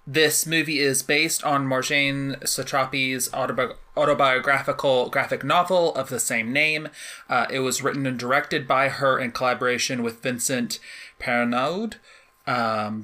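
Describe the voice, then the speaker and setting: A woman's voice: extremely low pitch, fairly even intonation, moderate pace, pushed and bright. A woman hosting a casual film discussion, upbeat and giggly as she retells scenes.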